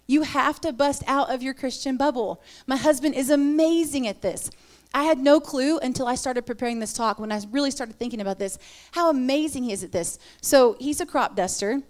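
A middle-aged woman giving an earnest, animated sermon talk with personal stories. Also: on the high side. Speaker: women's ministry speaker.

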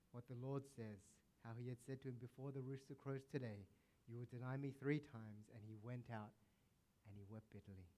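A man preaching a sermon as pastor, asking the congregation rhetorical questions, rising with emphasis and then dropping to a hushed tone. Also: medium pitch.

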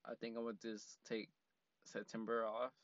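A man's voice: on the low side, flat delivery, normal speed, muffled recording. A man hosting a casual solo podcast from a parked car, rambling with lots of fillers and frequent laughs. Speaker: podcast host.

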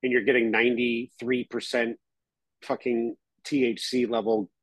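A man co-hosting a podcast in casual chat, rambling in a laid-back way and often clearing his throat. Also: mid-range voice, little pitch movement, unhurried, no room sound, low-quality recording. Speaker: podcast co-host.

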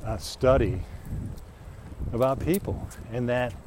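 Out on a walk, a middle-aged vlogger takes it slowly in a mid-range voice, speaking into a handheld mic. It's a casual, opinionated, rambling rant punctuated by frequent laughs, with background noise audible.

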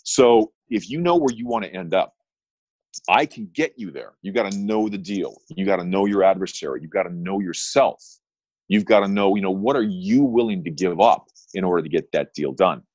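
A man's voice: deep voice, normal speed, a little mellow, no echo, muffled recording. A middle-aged man, an attorney talking as a guest in an interview, telling stories with emphatic, punchy repeated phrases. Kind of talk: interview storytelling.

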